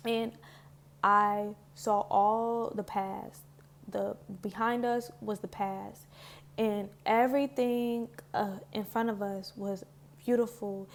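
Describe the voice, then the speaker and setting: Speaking slowly in a steady, medium-pitched voice, a woman shares a casual, reflective talk to camera about spiritual healing. She sounds earnest and heartfelt, fills her speech with "like"s, and is emotional, close to tears.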